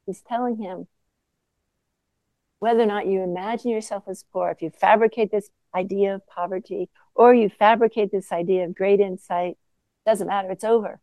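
A woman teaching as a Zen teacher in a reflective dharma talk, mostly soft-spoken with sudden emphatic bursts. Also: mid-range voice, steady tone, moderate pace, dry recording, rough recording.

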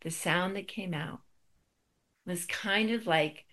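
A woman's voice: lowish voice, slow pace, fairly bright tone. A middle-aged woman giving a spiritual talk, telling a personal story with wry, self-deprecating humor.

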